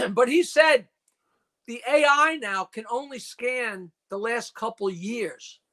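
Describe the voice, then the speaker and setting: A man's voice: very high-pitched, slow, pushed and bright. An older man in his seventies from New York, a comedian guest in a casual call-in chat, rattling off dirty jokes and stories.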